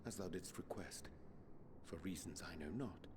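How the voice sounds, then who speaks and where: An actor voicing a solemn man who speaks archaic, formal English in a video game, hushed and stately. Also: low voice, normal speed, background noise, natural voice. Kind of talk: voiced video game dialogue.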